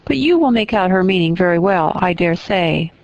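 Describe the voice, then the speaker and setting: A woman's voice: lowish voice, lively intonation, normal speed, a little mellow, highs cut off. A woman voicing a kindly, chatty elderly widowed housekeeper who talks in a fussy, exclaiming way, read from an audiobook. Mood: explaining.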